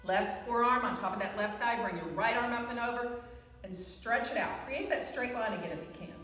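A woman instructor guiding a live chair yoga class, with calm, encouraging cues and frequent reminders to breathe. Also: a little high, a little fast, far from the mic, soft background music. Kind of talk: live guided fitness class. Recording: echoey hall, voice from afar.

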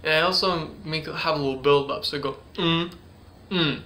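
A man's voice: fairly high pitch, normal speed, bright, forceful tone, a little hiss or hum. A man casually teaching ventriloquism, hesitant and full of fillers as he demonstrates letter sounds. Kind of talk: casual tutorial.

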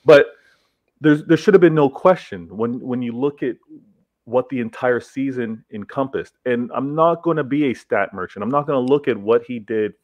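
A man's voice: mid-range voice, moderate pace, dry recording, dull audio. A man with an accent, arguing football points in a casual panel chat with emphatic repeats. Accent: non-English accent.

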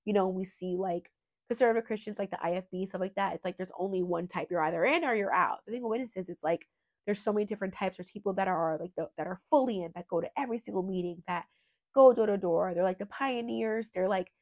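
A woman's voice: medium pitch, quick pace, a little mellow, no echo, studio quality. A young woman with a cold, sounding nasal, hosting a true crime channel and rambling in a heartfelt, filler-heavy way. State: sick with a cold. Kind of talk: casual emotional monologue.

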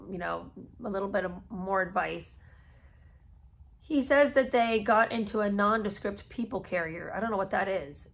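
A woman's voice: mid-range voice, fairly bright tone. A woman podcast host, a mother of three, reads a memoir aloud and breaks off into sarcastic, incredulous asides. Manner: sarcastic, incredulous asides between read passages. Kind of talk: reading a memoir aloud with commentary.

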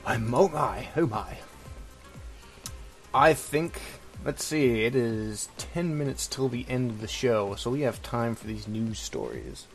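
Slow-talking wry man hosting. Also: mid-range voice. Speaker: podcast host. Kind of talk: casual chat. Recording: faint music bed behind.

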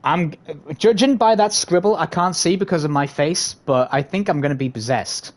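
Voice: mid-range voice, moderate pace. A gamer giving let's-play commentary on a horror game, swearing, taunting and jittery, recorded on a desk microphone indoors.

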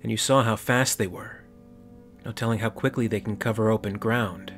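A man's voice: lowish voice, fairly even intonation, normal speed, soft background music, close to an everyday voice. A man voicing a wary, veteran male marine sergeant with a cautionary drawl.

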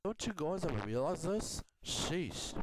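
A man from Houston giving a rambling, chatty update vlog from a quiet home, laughing often. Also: on the high side, big pitch swings, measured pace. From Houston, Texas. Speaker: video blogger. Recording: noisy home recording with clicks.

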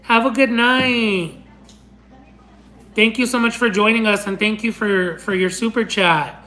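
A woman's voice: medium pitch, unhurried, fairly bright tone, poor audio. Affectionate chatty woman hosting a livestream. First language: Spanish. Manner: affectionate, calls viewers honey and my love; chatty, rambling with restarts and laughs. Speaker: livestream host. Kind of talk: casual livestream chat.

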